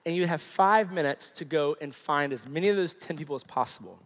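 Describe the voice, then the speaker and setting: An animated man in his thirties delivers a storytelling sermon in a slightly high voice. He acts out the people in his story. His voice rings with a long reverb, as in a large hall. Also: a little fast. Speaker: pastor.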